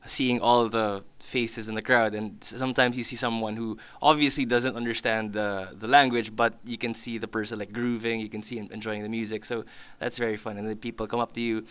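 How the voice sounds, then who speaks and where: Low-voiced Filipino man, thoughtful. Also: little pitch movement, a little fast, few pauses, fairly bright tone, smooth, dry recording. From Philippines. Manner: thoughtful, explaining with small restarts. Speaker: band member. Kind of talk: casual interview chat.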